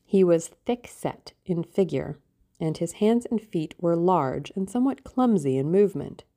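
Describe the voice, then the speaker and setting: A woman narrating an audiobook in a measured, steady way. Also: on the low side. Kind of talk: scripted narration.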